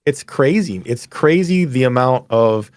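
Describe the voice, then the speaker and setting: A man's voice: mid-range voice, animated, measured pace, darkish tone, dry recording. A man co-hosting a podcast, reacting in casual chat with blunt, joking remarks. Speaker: podcast co-host.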